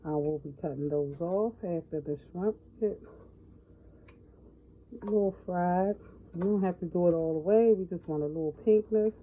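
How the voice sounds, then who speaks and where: A woman's voice: on the low side, moderate pace, phone-quality sound, a little hiss or hum. A middle-aged woman giving a folksy, chatty cooking tutorial in her home kitchen, often calling out to viewers as y'all. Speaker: home cook.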